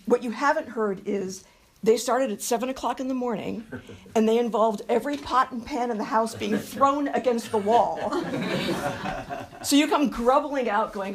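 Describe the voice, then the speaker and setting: A woman's voice: a little high, moderate pace, noisy background. A woman speaking at a memorial, telling affectionate, funny stories and laughing often as she goes. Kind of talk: humorous anecdote telling. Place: memorial gathering room.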